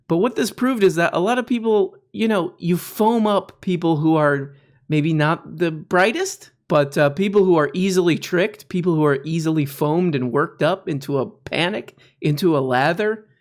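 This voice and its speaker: A man hosting a reaction commentary, mocking the clips he plays with sarcasm and frequent laughter. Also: a little high. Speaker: commentary host.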